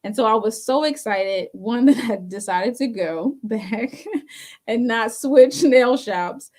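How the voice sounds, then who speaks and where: A woman's voice: on the high side, a little slow, darkish tone. Chatty laughing woman co-host. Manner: chatty, laughs often between phrases. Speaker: talk show co-host. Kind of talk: casual storytelling chat.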